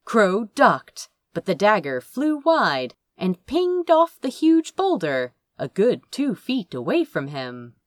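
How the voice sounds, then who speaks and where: A woman narrating a fantasy audiobook in an expressive, wry storytelling manner. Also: mid-range voice, slow pace, hardly any pauses, dry recording, studio quality.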